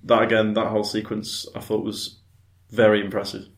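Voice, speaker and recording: A man's voice: lowish voice, completely flat delivery, a little fast. A man co-hosting a casual film review podcast, easygoing and a little hesitant when he's put on the spot. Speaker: podcast co-host.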